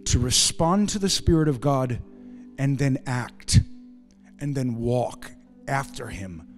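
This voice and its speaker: A man preaching a sermon as pastor, emphatic, swinging between loud rising stresses and quiet low asides, with wry humorous remarks. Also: takes it slowly, faint music behind. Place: church sanctuary. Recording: long hall reverb in a church.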